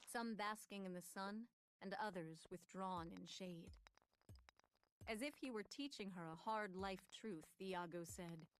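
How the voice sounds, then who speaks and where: A woman narrating an audiobook in a measured, even reading voice. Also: mid-range voice, a little hiss or hum.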